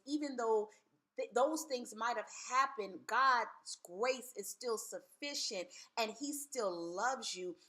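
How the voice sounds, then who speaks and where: Woman, Christian vlogger; bright, clear tone, earnest and candid, casual delivery. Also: a little high. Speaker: Christian vlogger giving marriage advice. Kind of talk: casual faith talk to camera.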